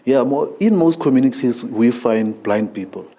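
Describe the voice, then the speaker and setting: A man, a librarian calmly explaining devices and programs in a news field interview. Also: medium pitch, moderate pace. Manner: plain explanatory, with restarts.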